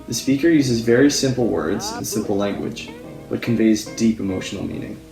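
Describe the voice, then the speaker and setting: A man's voice: mid-range voice, warm tone. A man presenting an analysis of a poem to a class, reading explanations from his notes. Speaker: student presenter. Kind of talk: read school presentation. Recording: echoey room with guitar behind.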